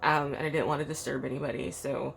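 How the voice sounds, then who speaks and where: A woman's voice: very deep voice, fairly even intonation, fast, creaky, a little hiss or hum. A woman with a groggy morning voice, chatting bluntly and rambling with fillers in a casual vlog from a treehouse. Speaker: tarot vlogger. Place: outdoor treehouse.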